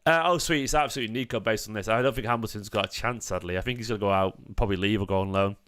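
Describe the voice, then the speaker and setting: A man hosting a football fan channel, chatting casually through a live watchalong and reacting excitedly to the play. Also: lowish voice, very fast, clear, resonant tone.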